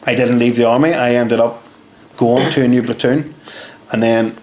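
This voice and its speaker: A young man from Northern Ireland, guesting on a podcast, tells stories in casual chat with a mid-range voice at a moderate pace. He's lively and swears freely while acting out what people said. The recording has a roomy echo.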